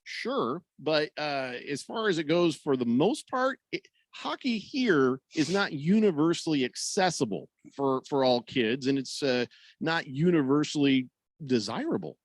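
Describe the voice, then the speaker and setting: A man's voice: a little high, lively intonation, unhurried, no room sound. A man hosting sports talk radio in a studio, joking around and reading out listener comments. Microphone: studio microphone.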